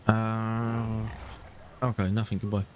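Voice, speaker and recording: A man's voice: on the low side, little pitch movement, slow, background noise. A man with a London accent streaming a game, joking, crude and rambling with fillers. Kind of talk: casual game commentary.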